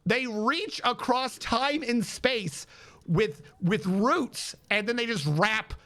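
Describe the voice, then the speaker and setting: A male streamer giving rambling, excitable gameplay commentary with lots of fillers. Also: very high-pitched, slow pace.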